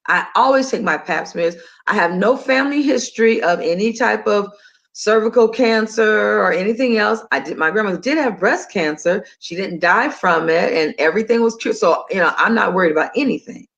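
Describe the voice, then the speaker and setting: A middle-aged woman telling a personal story in a casual, animated way, acting out both sides of her phone calls. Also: medium pitch, muffled recording. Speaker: talk show host sharing a personal story.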